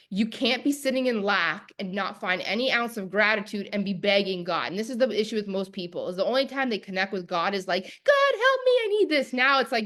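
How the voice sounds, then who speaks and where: A woman's voice: mid-range voice, a bit bright. Emphatic woman coach teaching live. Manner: emphatic, repeats key phrases, preacher-like cadence; talks directly to viewers. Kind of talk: live online masterclass.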